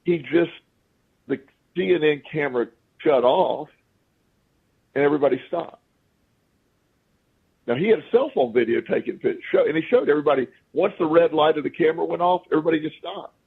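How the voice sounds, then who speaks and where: A man's voice: on the high side, brisk, gravelly, long pauses, breathy edge, phone-quality sound. A man as a podcast guest, telling anecdotes casually and acting out what people said. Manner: animated storyteller who acts out quoted speech.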